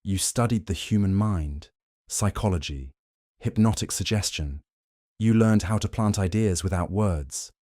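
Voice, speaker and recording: A shrewd, theatrical detective, voiced by a male audiobook reader lays out his case in a low, deep voice. He is measured and grand, slipping into French now and then. The sound is close and dry. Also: warm tone, dry recording, lightly acted. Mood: accusing. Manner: measured, dramatic accusations with French phrases. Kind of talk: audiobook character reading.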